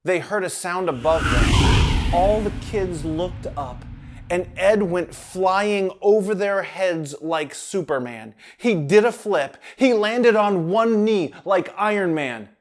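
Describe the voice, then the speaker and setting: A man narrating a children's story in an animated, playful way. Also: high voice, slow pace.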